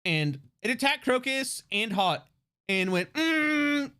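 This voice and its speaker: A streamer chatting live, full of fillers, restarts and quick laughs. The pitch swings a lot, so the talk stays lively and animated. The voice sits at a middle pitch for its kind. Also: smooth. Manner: excitable, laughs often. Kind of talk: casual livestream chat.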